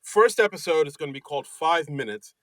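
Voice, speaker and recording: A man from New Jersey co-hosting a casual comedy podcast, chatty and laughing often, halting on his words. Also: fairly high pitch, lively intonation, a bit bright, dry recording. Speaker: podcast co-host.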